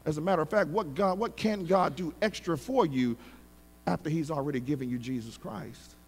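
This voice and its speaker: A male pastor preaching a sermon with great passion, swinging from shouts to hushed tones and calling on the congregation to respond. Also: a little high, normal speed, breathy edge, in a large hall. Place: church sanctuary.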